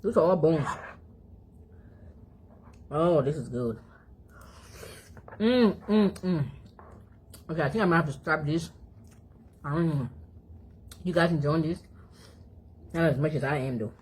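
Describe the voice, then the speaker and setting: A woman's voice: deep voice, measured pace, pauses often, a little mellow, slightly rough. A woman from Africa, chatting casually to her phone and her dog between mouthfuls and humming as she chews. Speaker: vlogger. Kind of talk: casual eating vlog chat.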